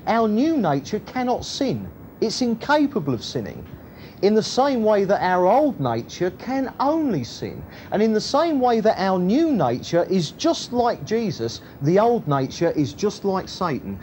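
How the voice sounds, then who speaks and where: A man preaching a sermon, shifting between loud emphasis and quiet, low asides. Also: a little hiss or hum. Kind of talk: sermon, Bible teaching.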